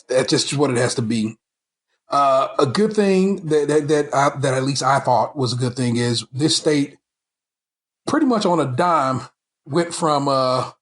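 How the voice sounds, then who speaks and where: A man hosting a casual podcast chat, ranting with heated, profane frustration and stumbling restarts. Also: mid-range voice. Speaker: podcast host.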